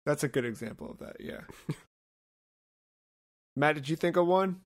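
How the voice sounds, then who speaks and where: A man's voice: on the high side, animated, moderate pace, dry recording, studio quality. A man co-hosting a podcast in casual chat, making wry, self-mocking asides. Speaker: podcast co-host.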